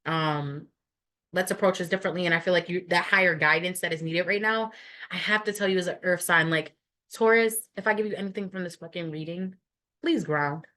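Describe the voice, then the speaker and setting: Woman tarot reader, low-pitched, blunt, swears freely, rambles through casual on-camera readings. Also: a little fast, pushed and bright. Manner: blunt, profane and rambling, many fillers.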